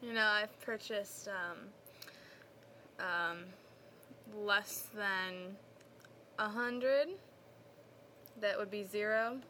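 A woman's voice: mid-range voice, extremely slow, long pauses, sharp tone, a little hiss or hum. A young woman co-hosting a podcast, reading listener mail in a giggly, playful casual chat. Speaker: podcast co-host.

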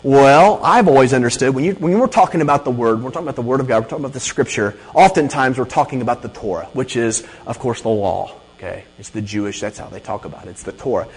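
A man's voice: mid-range voice, fast, few pauses, husky. A man preaching a sermon in a conversational, emphatic way, often checking in with "okay?". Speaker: pastor. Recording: long hall reverb.

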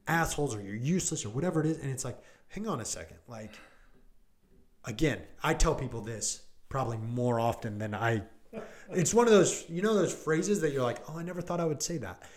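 A male police deputy, probably in his thirties, casually retelling a call with lots of "like" and "I go" and acting out what people said. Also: medium pitch. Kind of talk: casual storytelling in a podcast chat.

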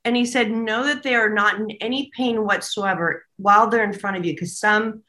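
A woman's voice: medium pitch, steady tone, moderate pace, sharp tone. A woman co-hosting a casual spiritual chat, relaying messages she hears and laughing often. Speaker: co-host and medium.

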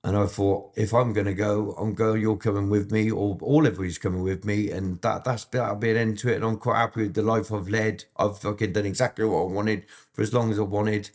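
A man's voice: lowish voice, flat delivery, fairly quick. A man telling his story in a candid interview, blunt and full of swearing, often restarting his sentences. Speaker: interview guest.

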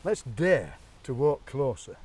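A Yorkshire man tells stories on an outdoor walk, animated and quick to slip into other people's accents. His voice is of middling pitch. He is picked up from a little way off, out in the open air. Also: husky, distant mic. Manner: animated storyteller, mimics accents, laughs often. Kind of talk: chatty outdoor walk-and-talk. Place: outdoors by a graveyard.

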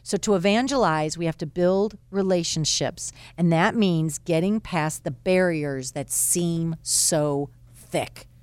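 A woman's voice: fairly low pitch, slow pace, a little mellow, clean tone, dry recording. Woman on catholic radio telling a story, punchy emphasis, dry studio sound. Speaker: radio show contributor. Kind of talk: inspirational radio segment.

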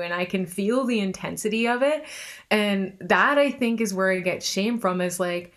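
A woman's voice: medium pitch, fairly bright tone. A woman speaking earnestly and reflectively in a casual conversation, speeding up when she gets passionate. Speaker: podcast co-host.

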